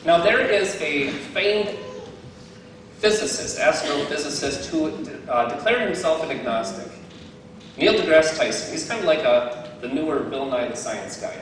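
A man's voice: fairly high pitch, animated, moderate pace, a little hiss or hum. A man giving a casual faith talk outdoors, playful and self-mocking, often laughing at himself. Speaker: lay speaker giving a devotional talk. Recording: very echoey, distant from the mic.

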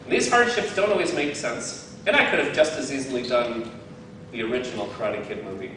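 A man's voice: mid-range voice, a little fast, a bit bright, a little hiss or hum. Playful man talking faith, far off and echoey. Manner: playful and self-mocking, laughs often. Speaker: lay speaker giving a devotional talk. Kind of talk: casual faith talk. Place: outdoors. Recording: very echoey, distant from the mic.

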